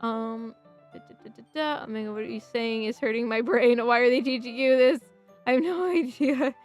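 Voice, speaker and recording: A young woman from the United States talks casually while streaming a game. Her voice sits fairly high, and she rambles from thought to thought, reading out and answering her chat. Faint game music plays behind her. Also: fairly even intonation, fairly quick. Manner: rambling, chatty, answers chat messages aloud, often laughs.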